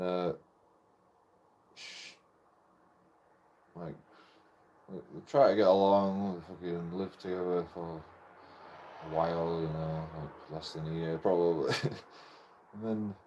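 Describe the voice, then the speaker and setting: A man's voice: deep voice, steady tone, unhurried, pauses often, dark tone, a little hiss or hum. Rambling, swearing young man. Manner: rambling, heavy swearing, nervous laughs between phrases. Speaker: channel host telling a personal story. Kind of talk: casual personal storytelling.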